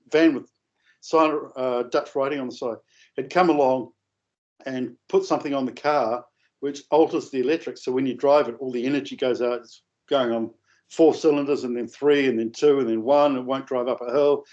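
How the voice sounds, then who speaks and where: A man telling a long, rambling anecdote in a casual, animated way, with coarse language. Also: mid-range voice, moderate pace. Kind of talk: casual storytelling. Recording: dull lo-fi audio.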